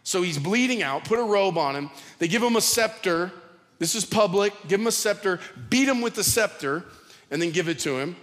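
A man preaching a sermon with a fairly high voice, talking casually and restarting his phrases as he goes. His words carry a long hall reverb. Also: normal speed, a bit bright. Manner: conversational preaching, repeats words, acts out quotes. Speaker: pastor.

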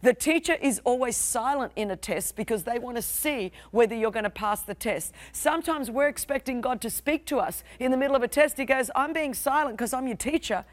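A woman's voice: fairly high pitch, brisk, few pauses, no room sound. A young adult woman with an Australian accent, preaching a sermon as pastor with a passionate, emphatic, repetitive cadence.

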